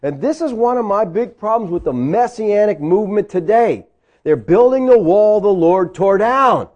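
A man's voice: high voice, lively intonation, moderate pace, darkish tone. A man preaching a sermon, conversational and full of rhetorical questions. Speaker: pastor.

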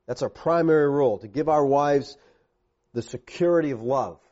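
A male pastor preaching a sermon, talking straight to the men in the room and swinging from quiet, low passages to emphatic, raised ones. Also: dull audio. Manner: direct, addresses the men in the congregation.

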